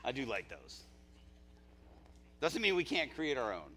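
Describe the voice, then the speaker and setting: A male pastor preaching at a church service, impassioned, dropping to quiet asides and then rising to near-shouts. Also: medium pitch, huge pitch swings, measured pace, a little hiss or hum. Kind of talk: live sermon.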